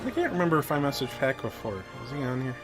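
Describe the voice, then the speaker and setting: Streamer guy reading a game story, swears a lot, jokes about himself, middle pitch. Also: sing-song, quick pace, music in the background. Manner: swearing, joking, self-deprecating, easily sidetracked. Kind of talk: casual live-stream chat, reading a game story aloud.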